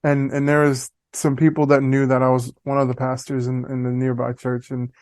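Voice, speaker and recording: A man who is a pastor, chatting casually on a podcast and telling stories with lively acted-out voices. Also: medium pitch, brisk, dry recording, clean studio sound. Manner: animated storyteller, acts out voices. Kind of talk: casual chat.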